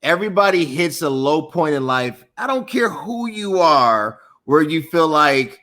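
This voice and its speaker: A man's voice: fairly high pitch, animated, unhurried, few pauses, pushed and bright. A man hosting an interview, encouraging and affirming his guest with short agreements. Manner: encouraging, affirming, chuckles often. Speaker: interview host. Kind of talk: casual interview chat.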